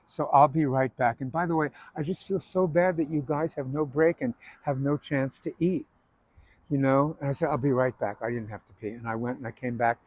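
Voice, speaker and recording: A man's voice: medium pitch, brisk, darkish tone, no echo. A man hosting a casual chat, sharing stories and acting out what others said. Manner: chatty, acts out quotes in his stories. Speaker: host.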